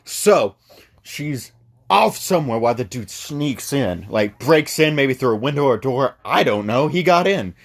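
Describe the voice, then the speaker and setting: A man casually reviewing a movie on his studio podcast. He rambles, loses his train of thought and pokes fun at himself. His pitch swings freely, which keeps his delivery animated. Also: unhurried, creaky. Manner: rambling, forgetful, self-mocking asides.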